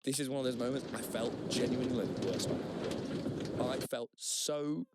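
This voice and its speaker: A man's voice: medium pitch, moderate pace, very noisy. A man, a comedian and podcast co-host, rambling through self-mocking stories in casual chat.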